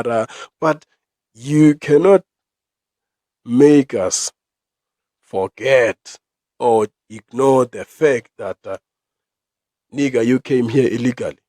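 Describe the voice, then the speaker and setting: A young South African man holds forth on his own podcast, ranting and swearing through his opinions and breaking into loud outbursts. His voice sits mid-range for a man, and the recording is close and dry, with no room sound. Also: mid-range voice, no echo. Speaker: podcast host.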